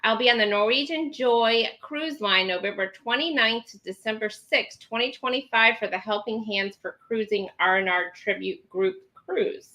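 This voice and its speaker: A woman's voice: on the high side, normal speed, few pauses, pushed and bright, rough recording. A woman hosting a casual live stream, chatting and reading viewer comments aloud with many ums.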